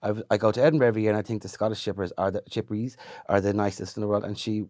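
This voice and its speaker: A man chatting as a comedian guest, teasing and quick with laughing asides. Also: lowish voice, fairly even intonation, a little mellow, dry recording, studio quality. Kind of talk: casual chat.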